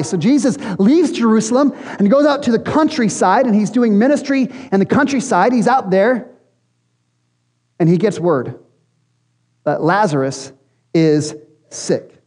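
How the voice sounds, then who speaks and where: Speaking as pastor to a congregation, this man delivers a sermon in an earnest, conversational manner. His high voice is animated and a little mellow, moving at a moderate pace. The long reverb of the church hall surrounds him.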